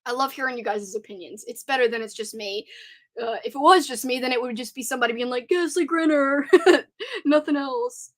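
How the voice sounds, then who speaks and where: A young woman hosting a casual live stream, chatting excitedly and reading out viewer comments. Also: a little high, a little fast.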